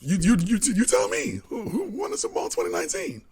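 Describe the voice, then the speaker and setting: A gravelly, husky man with a fairly high voice that swings widely as he argues. He debates football in loose, casual talk, swearing freely and repeating his points. It sounds like a live podcast co-host pressing a friend. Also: wildly swooping pitch, fast, a little mellow. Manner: argumentative, swearing, laughing, repeats himself. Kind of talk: heated casual sports debate.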